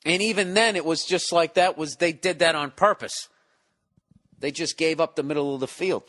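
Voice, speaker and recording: A man's voice: a little high, normal speed, fairly bright tone. Profane rambling podcast host, a man. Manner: profane, rambling, mock-exasperated. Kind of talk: casual comedic rant.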